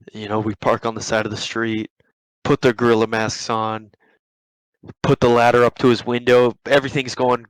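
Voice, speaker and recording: A man's voice: mid-range voice, a bit bright, no echo, low-quality recording. A young man hosting a podcast, telling a story in a rambling, profane way with many restarts. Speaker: podcast host. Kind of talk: casual storytelling.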